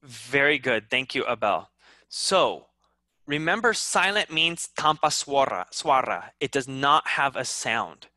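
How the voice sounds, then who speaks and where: Man, teacher, very slow, bright voice, dry close sound, patient repetition. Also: medium pitch, big pitch swings, no room sound. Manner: slow, patient, repeats words, mixes in Indonesian. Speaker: English teacher. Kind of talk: online class teaching.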